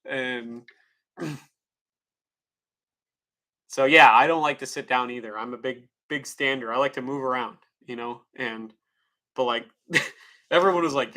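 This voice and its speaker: Man, livestream chat, bright forceful voice, profane, rambling, frank. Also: mid-range voice, unhurried, long pauses.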